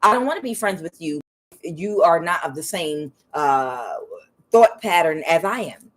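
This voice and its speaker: A woman reading tarot in a casual spiritual chat, frank and profane, mimicking other people in a higher voice. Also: animated, moderate pace. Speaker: tarot reader.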